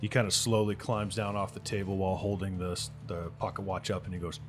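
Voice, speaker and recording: A man's voice: sits low, level tone, fast talker, few pauses, soft background music. A man running a tabletop game as game master, narrating in a loose, rambling way.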